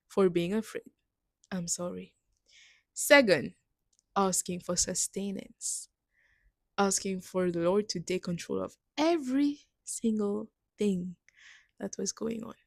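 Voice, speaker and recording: Young woman, middle-pitched voice, earnest testimony, dry close sound. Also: slow pace, creaky, long pauses, darkish tone, no echo. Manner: earnest, emotional, laughs between lines. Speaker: missionary sharing testimony. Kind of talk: personal faith testimony.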